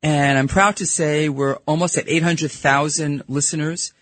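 A middle-aged woman with a Brooklyn accent, a guest in a radio studio, talking candidly and emphatically in quick bursts. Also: deep voice, fairly even intonation, no echo. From New York. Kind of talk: casual studio interview.

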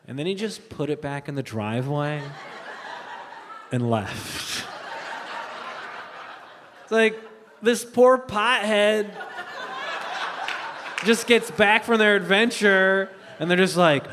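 A man doing a stand-up comedy routine, telling a family story with lively acted-out voices. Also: slow pace, pauses often, long reverb tail, background noise. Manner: animated storytelling, acts out family members in high voices.

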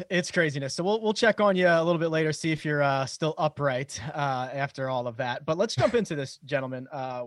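A man's voice: high-pitched, no echo, clean studio sound. A man hosting a casual sports podcast, upbeat, laughing easily as he introduces his guests. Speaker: podcast host.

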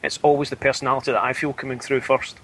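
A Scottish man speaking as a radio interview guest, measured and thoughtful, pausing to search for words. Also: mid-range voice, level tone, fairly bright tone, poor audio. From Scotland. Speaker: spiritualist medium, guest.

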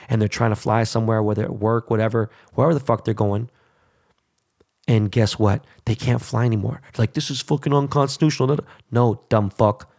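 A man's voice: mid-range voice, a little mellow. Male host, fired-up profane rant, blunt and crude, mid-range voice. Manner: angry, crude, heavy swearing. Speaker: show host.

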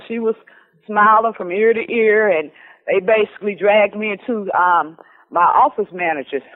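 A middle-aged woman tells a story over the phone, the sound thin and narrow as a phone call. She talks casually and with life, slipping into the voices of the people she quotes, and fills gaps with "um" and "you know". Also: medium pitch. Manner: lively, acts out quoted dialogue, many fillers. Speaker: lottery winner telling her story. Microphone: telephone. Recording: tinny phone line.

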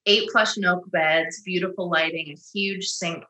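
A woman guest on a podcast, talking excitedly and quickly about her business plans. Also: fairly low pitch, background noise. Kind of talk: casual interview chat. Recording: echoey room.

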